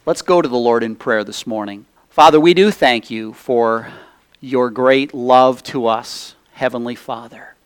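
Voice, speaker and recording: A male pastor delivers a sermon, leading the congregation in a Scripture reading and then praying, slow, earnest and reverent at the pulpit. His voice is medium-pitched and smooth, with no room sound.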